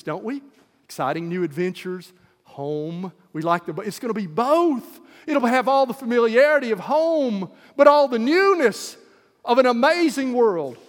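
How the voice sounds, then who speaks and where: A man's voice: very high-pitched, big-room sound. A man preaching a sermon in an emphatic style that rises to fervor.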